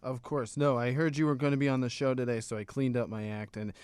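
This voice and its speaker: A man's voice: mid-range voice, steady tone, fast, darkish tone, clean tone, no room sound. A young adult man, a comedian guest on a talk radio show, speaking in a wry, self-mocking way. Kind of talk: joking talk radio interview.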